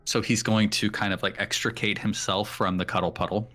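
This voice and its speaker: A man's voice: lowish voice, flat delivery, brisk, bright, forceful tone. A man playing a tabletop game, thinking aloud and hesitating as he describes his character's actions. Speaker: player. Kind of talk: casual game talk.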